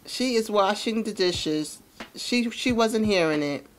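A woman's voice: medium pitch, measured pace. A woman hosting a let's play, chatting casually and animatedly as she comments on her game. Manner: chatty, animated, laughs often. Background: faint music.

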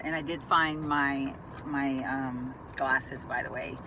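A lifestyle vlogger chats casually with her viewers from inside her car, calling them y'all. Her voice is rumbling and low, fairly even in intonation and slow, with background noise present.

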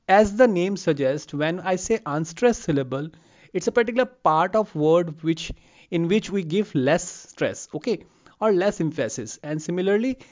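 A male teacher explains a lesson on a lapel mic. He sounds a little higher than most men, and the recording is slightly dull and lo-fi. He repeats example words aloud and checks in with an okay. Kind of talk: explaining a lecture. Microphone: lavalier.

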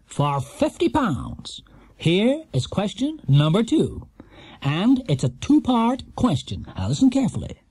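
A man reading a storybook aloud, voicing a showy male television quizmaster in a drawn-out, theatrical way. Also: high-pitched, huge pitch swings, darkish tone, husky, no echo, studio quality, voice pushed up, exaggerated voice. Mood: showy, coaxing. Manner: slow, drawn-out, theatrical quiz-host delivery.

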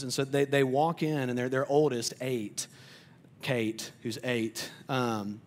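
A male pastor delivers a sermon conversationally in a mid-range voice at a moderate pace. He often repeats words when starting sentences and softens to a quiet voice on tender points.

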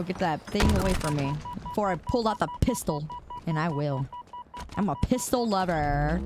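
A chatty young woman streams a shooter game, talking casually to her chat and laughing often. Her pitch sits in the middle for a woman. Steady clicking noise sits clearly behind her voice. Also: a little fast. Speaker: live streamer. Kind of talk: casual live-stream chat while gaming.

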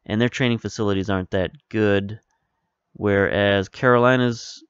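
A lower-pitched man with a smooth, clear voice talks his way through a management game in a loose, rambling way, often stopping to correct himself mid-sentence. He is close to the mic in a dry room, and the sound is a little dull. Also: moderate pace, dry recording. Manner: rambling, self-correcting, relaxed. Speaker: video game let's-play host. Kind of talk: casual commentary over gameplay.

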